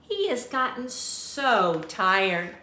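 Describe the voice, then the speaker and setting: A woman teacher reading a picture book aloud at a slow, unhurried pace. Her voice is bright and clear, and she pauses often to ask the children questions. It sounds like an echoey room. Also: on the high side, big pitch swings, a little hiss or hum. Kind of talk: read-aloud storytime for children.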